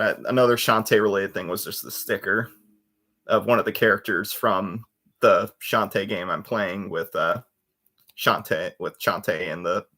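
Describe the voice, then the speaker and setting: A livestream host in his twenties speaks into a computer webcam mic in a voice on the low side that sounds pushed and bright. His casual chat rambles along, with plenty of restarts and trailing fillers.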